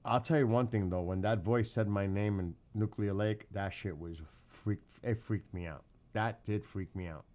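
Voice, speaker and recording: Low-voiced man chatting on a livestream. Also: moderate pace, hardly any pauses, darkish tone. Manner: loose, profane storytelling. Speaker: livestream host. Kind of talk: casual livestream chat.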